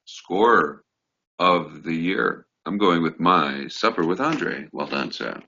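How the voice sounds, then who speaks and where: A man's voice: low-pitched, animated, slow, gravelly, sharp tone. A man co-hosting a fantasy football recap, joking and teasing in casual chat. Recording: dull lo-fi recording.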